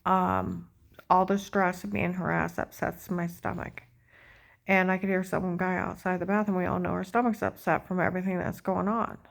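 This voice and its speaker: A woman's voice: fairly low pitch, level tone, normal speed, creaky. A woman talking in a rambling, agitated personal monologue, full of fillers and repeated check-ins. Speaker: vlogger.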